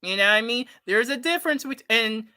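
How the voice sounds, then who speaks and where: Woman, bright voice, blunt and heated, profane, casual commentary rant, dry close mic. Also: on the high side, animated, a little fast, no echo. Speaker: commentary streamer. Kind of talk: casual opinion rant reading chat.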